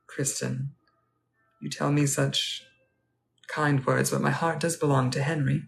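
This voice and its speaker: A man playing a polite, wistful Edwardian gentleman at a ball, speaking formally and courteously in a live role-play. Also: mid-range voice, flat delivery, a little slow, creaky, faint music behind. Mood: genteel. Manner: formal, courteous, old-fashioned phrasing.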